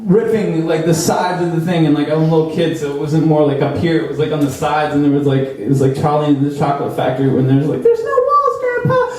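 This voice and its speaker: A young man telling a comedic true story at an improv show, rambling with lots of fillers and jumping into high squeaky voices for the people in it. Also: level tone, quick pace, hardly any pauses, dark tone. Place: theater stage. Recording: roomy, distant live stage recording.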